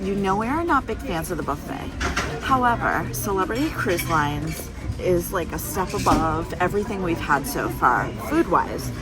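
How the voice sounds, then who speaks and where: A woman's voice: on the low side, lively intonation, moderate pace. A woman hosting a casual travel vlog, chatty and frank, complaining with humor. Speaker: vlog host. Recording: music playing underneath.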